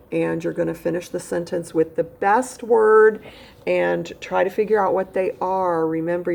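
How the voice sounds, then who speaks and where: A woman's voice: lowish voice, gravelly, darkish tone, slight background noise. A woman teaching a recorded phonics lesson, speaking straight to a young pupil at home and patiently repeating key points. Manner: speaks directly to a child at home.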